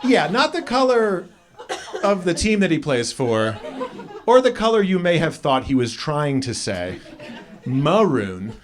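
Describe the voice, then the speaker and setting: Animated stand-up comic, laughing crowd. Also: male voice, a little high, unhurried. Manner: animated storytelling, acts out characters with raised voice. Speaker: stand-up comedian. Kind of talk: stand-up comedy set. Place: comedy club stage before a live audience. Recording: live club audience laughter.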